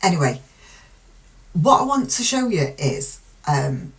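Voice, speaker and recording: A middle-aged British woman from the UK giving blunt, opinionated crime commentary, rambling with pauses and fillers. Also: fairly low pitch, very animated, low-quality recording. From United Kingdom. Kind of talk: casual spoken commentary.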